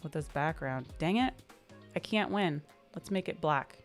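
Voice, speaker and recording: Casting: woman with a low, deep voice, laid-back livestream host, chatty and upbeat, faint music underneath. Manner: chatty, reads out and answers viewer comments; relaxed, upbeat, drawn-out fillers. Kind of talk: casual livestream chat.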